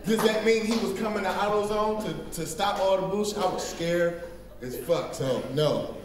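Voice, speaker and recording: A man from Middletown, Ohio doing open-mic stand-up in a small bar, telling profane, animated stories with shouted asides to the crowd, recorded on a phone set down near the stage. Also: high voice, moderate pace. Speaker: stand-up comedian. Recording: roomy bar recorded from far off, faint noise.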